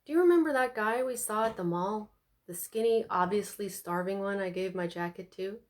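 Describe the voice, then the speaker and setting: A woman voicing a quiet, troubled teenage boy who speaks low and subdued. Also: moderate pace, lightly acted. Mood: sad, subdued.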